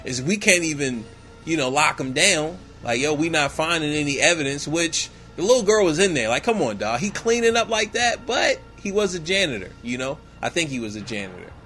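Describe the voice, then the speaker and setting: A man with a somewhat high, bright voice tells a film's story as a loose, slangy comic recap. He riffs freely, throwing in asides as he goes. Faint music sits under his voice. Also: sing-song, a little fast. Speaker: podcast host. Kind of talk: comedic movie recap.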